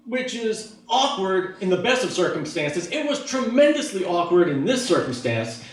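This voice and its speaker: Animated man telling stand-up stories. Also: moderate pace. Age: adult, looking back on his teens. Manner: animated, acts out inner voices with big pitch jumps. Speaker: stand-up comedian. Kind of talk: stand-up storytelling. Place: stage in a hall with an audience. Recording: echoey hall, mic from far off.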